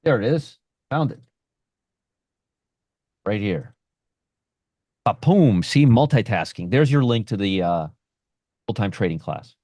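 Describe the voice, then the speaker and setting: A man's voice: on the low side, lively intonation, slow, pauses often, darkish tone, no echo. A man hosting a live stream on options trading, brash and sarcastic, answering viewers from the chat by name.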